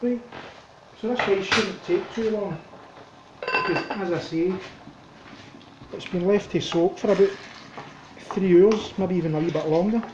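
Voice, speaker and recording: A man with a Scottish accent chatting casually as he cooks in his home kitchen, thinking aloud in a relaxed way. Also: high voice, a little slow, long pauses, reverberant, muffled recording, background noise. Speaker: cooking vlogger. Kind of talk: casual cooking commentary.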